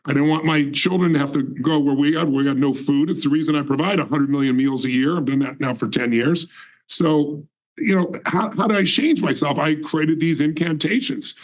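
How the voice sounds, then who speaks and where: A man's voice: a little high, normal speed, poor audio. A man in his sixties telling his life story in an emphatic, intense way as a guest in a conversation. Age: 60s.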